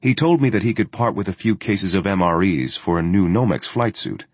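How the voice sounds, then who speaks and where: A man reading a first-person journal story in a steady, matter-of-fact way. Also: low voice, brisk, breathy edge, dry recording. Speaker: audiobook narrator.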